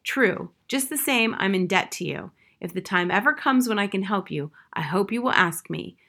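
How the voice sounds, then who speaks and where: Woman reader doing a young male crow from a storybook, foolish, jittery and loud. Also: lively intonation, normal speed, vocal fry, exaggerated voice. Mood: grateful. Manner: high, loud and anxious.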